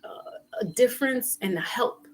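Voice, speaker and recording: A woman vlogger giving a casual spiritual pep talk in an animated, slangy way, acting out little quoted exchanges. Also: on the high side, moderate pace, noisy background.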